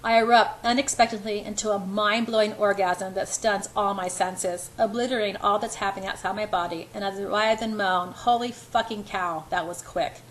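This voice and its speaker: A woman's voice: medium pitch, steady tone, brisk, few pauses, a little hiss or hum, low-quality recording. A woman reading a romance novel aloud in an unpolished first-person voice. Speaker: amateur reader.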